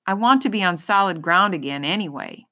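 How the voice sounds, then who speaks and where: A woman voicing a brave, determined girl of about twelve in a read-aloud story, with a raised, eager, urgent pitch. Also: lively intonation, fairly quick, pushed and bright. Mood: earnest.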